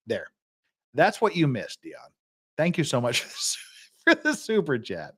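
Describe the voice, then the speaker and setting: A man's voice: fairly high pitch, wildly swooping pitch, normal speed, a bit bright. A man hosting a casual livestream, swearing a lot and rambling while he drinks and gets tipsy. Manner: profane, rambling, mocking. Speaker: livestream host.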